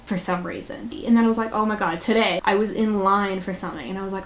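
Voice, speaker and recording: A woman's voice: mid-range voice, quick pace, few pauses. Candid young woman vlogger, rambling. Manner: candid, rambling, with frequent "like" fillers and nervous laughs. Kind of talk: personal confessional vlog.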